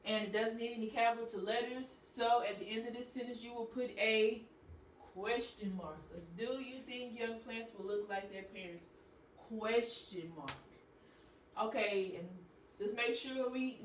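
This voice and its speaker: A woman's voice: fairly high pitch, a little hiss or hum. A woman teacher taking a class through a grammar lesson, patient and repeating each point step by step. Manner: patient, explains step by step with repetition. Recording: echoey room, voice from a distance.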